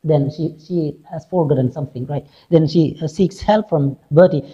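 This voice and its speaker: A woman's voice: deep voice, normal speed, few pauses, dark tone, husky. A woman English teacher talking through a play, who repeats lines and checks in with "right?", on a dull lo-fi recording. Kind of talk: explaining a play in class.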